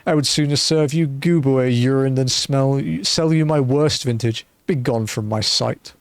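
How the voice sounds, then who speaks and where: A man voicing an arrogant male wine baron from a game, speaking slowly with scorn and dismissal. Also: mid-range voice, clear, resonant tone, no echo, close to an everyday voice. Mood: contemptuous. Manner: scornful, dismissive, slow and deliberate.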